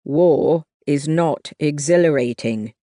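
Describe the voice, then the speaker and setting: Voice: medium pitch, slow pace, warm tone, no echo. An audiobook narrator voicing a stern, protective young man who speaks in clipped phrases, in a dry, close recording.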